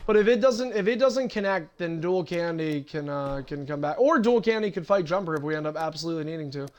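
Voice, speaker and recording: A man's voice: on the high side, lively intonation, a little fast, a little mellow, highs cut off. A young man hosting an online wrestling league on a livestream, casually setting up matches and cursing impatiently at players who are late. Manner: profane, impatient, bossy.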